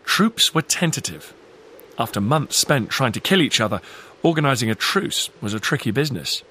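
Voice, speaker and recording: A man narrating a documentary in a measured, solemn scripted read. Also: medium pitch, sing-song, pushed and bright, husky.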